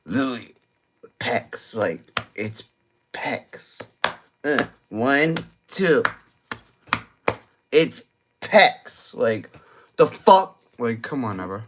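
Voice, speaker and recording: A man's voice: medium pitch, sing-song, very slow, pauses often, background noise. Young man, drawling and tipsy, crude late-night ranter. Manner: crude, slangy, argumentative, repeats himself. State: drinking, tipsy. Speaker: vlogger. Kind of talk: late-night rambling monologue.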